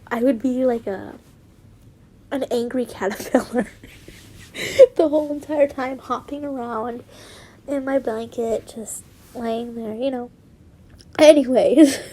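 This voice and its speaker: Woman reading fan fiction, high mellow voice, slow, giggly asides. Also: slightly rough. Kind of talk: casual story reading with asides.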